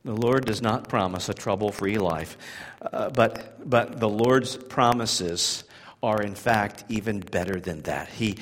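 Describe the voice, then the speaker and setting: A man preaching a sermon, swinging from hushed, slow passages to loud, high-pitched emphasis and often repeating words as he builds. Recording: long hall reverb.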